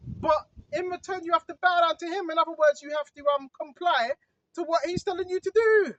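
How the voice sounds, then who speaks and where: A man's voice: very high-pitched, fairly quick, a bit bright, no echo, muffled recording. A man giving a casual religious monologue to his viewers, talking conversationally and often tossing in "bro" and "right?". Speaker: online preacher.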